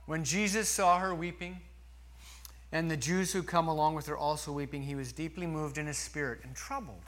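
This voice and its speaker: A man preaching a sermon slowly and earnestly, with long pauses. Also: a little high, steady tone, fairly bright tone. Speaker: pastor.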